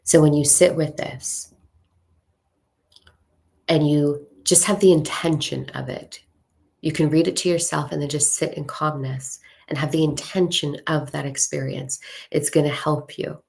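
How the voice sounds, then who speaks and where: A woman coaching a live audience in a very low voice with a gravelly edge. She speaks frankly and casually, with the odd swear word, and she draws out her words when reading a mantra. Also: steady tone, a little slow, a little mellow. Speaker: spiritual coach. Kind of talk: casual livestream talk.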